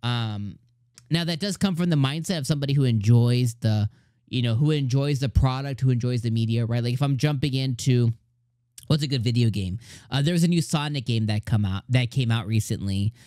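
Man, anime reviewer, excited casual chat, dry close sound, mid pitch. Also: brisk, no room sound. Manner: enthusiastic, acts out character lines.

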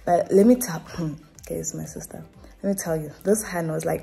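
This young Namibian-accented woman speaks fairly quickly with lively intonation, her voice low, creaky and mellow. Talking casually to camera at home, she's emotional and rambling, with fillers and restarts.

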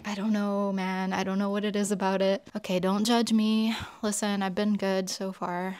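A young woman beauty vlogger in casual chat to camera, chatty and exclaiming as she talks through each item. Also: mid-range voice.

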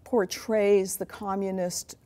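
A woman's voice: mid-range voice, flat delivery, slow, warm tone. A woman answering interview questions, explaining her point earnestly. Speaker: guest.

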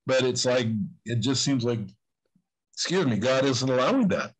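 An older man in his sixties speaks as an interview guest in an ordinary middle-pitched voice. He talks earnestly and conversationally, circling back and restarting his sentences as he goes. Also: expressive, moderate pace, husky, rough recording. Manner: earnest, rambling with frequent restarts.

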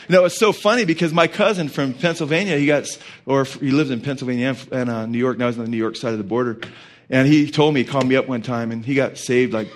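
A middle-aged man preaching a sermon as pastor, conversational and rambling, full of fillers and asides. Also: medium pitch.

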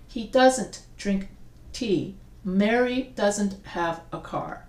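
Slow, deliberate woman teaching grammar. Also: mid-range voice. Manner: reads word pairs aloud slowly and deliberately, with asides. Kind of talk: recorded classroom-style lesson. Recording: echoey room, mic set far off.

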